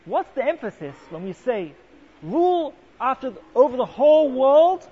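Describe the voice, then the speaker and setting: A man's voice: extremely high pitch, very animated, normal speed, husky. A man teaching a Torah class as a rabbi, asking rhetorical questions and dropping sarcastic asides. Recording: muffled lo-fi recording with faint hiss.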